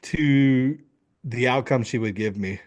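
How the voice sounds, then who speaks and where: Animated storytelling man, swearing freely. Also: medium pitch, slow pace. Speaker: guest, men's coach. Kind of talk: storytelling in an interview.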